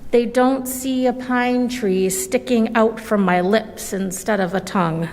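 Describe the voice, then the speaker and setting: Woman, mid pitch, reading a storybook aloud, very slow and careful, gentle, reverberant church hall. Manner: gentle, measured, deliberate reading. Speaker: reader at a church service. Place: church sanctuary. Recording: long reverb of a large hall.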